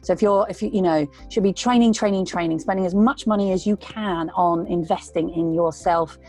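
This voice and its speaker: Woman voice actor, warm and mellow tone, earnest and rambling advice. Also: fairly low pitch, brisk, soft background music. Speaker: voice actor guest. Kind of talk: casual interview talk.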